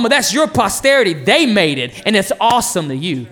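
A man in his thirties preaches with a voice pitched very high for a man. His delivery is lively, with the pitch swinging widely. He pleads and asks the congregation questions. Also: a little fast, hardly any pauses, long reverb tail. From North Carolina, USA. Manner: passionate, animated preaching with rhetorical questions to the crowd. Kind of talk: sermon.

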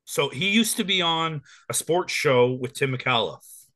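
Bright-sounding guy hosting a chatty podcast, lots of ums and restarts, 40s. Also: on the high side, lively intonation, a little slow, no echo. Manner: rambling, with many fillers and restarts. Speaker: podcast co-host. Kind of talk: casual podcast chat.

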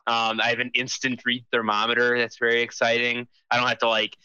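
A man's voice: mid-range voice, monotone, fairly quick, sharp tone, smooth, no echo. A man in casual chat with friends, talking eagerly about his new gear. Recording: dull lo-fi mic.

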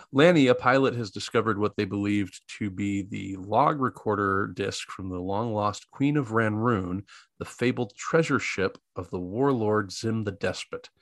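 A laid-back man with a low voice reads a plot summary aloud during a casual chat, tripping over odd names. The sound is dry and close. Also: a bit bright, dry recording. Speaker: podcast co-host.

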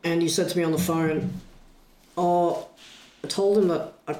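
A man retelling a story in a casual chat, animated and full of restarts. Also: fairly high pitch, normal speed. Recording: echoey room.

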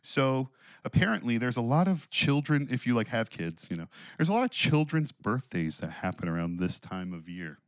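Podcast dude just getting over a cold, rambles and swears a lot, mid pitch, dead dry sound. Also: male voice, very animated, moderate pace, smooth, no room sound. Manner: rambling, swears freely, laughs often. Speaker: podcast co-host. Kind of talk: casual podcast chat.

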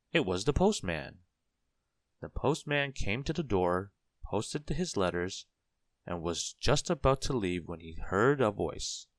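Slow, deep-voiced storybook narrator man. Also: no echo. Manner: slow, gentle, clear storytelling. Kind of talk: children's storybook reading.

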